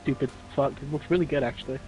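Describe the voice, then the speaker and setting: A man's voice: medium pitch, fairly even intonation, fast talker, mellow, faint music behind. A man chatting casually with friends over a game stream, teasing and joking and swearing now and then.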